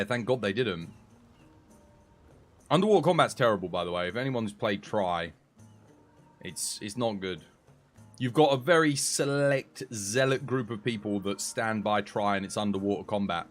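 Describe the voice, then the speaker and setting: A man's voice: fairly low pitch, normal speed, soft background music. A man streaming a game, chatting casually with a dry, sarcastic, rambling manner. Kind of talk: casual live-stream chat.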